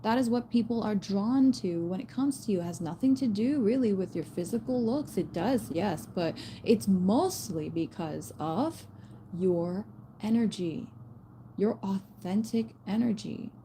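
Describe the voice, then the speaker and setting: Blunt slangy woman with a mellow voice. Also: medium pitch, a little slow, a little hiss or hum. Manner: blunt, swearing, slangy and animated. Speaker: spiritual reader. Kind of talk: casual spiritual message to viewers.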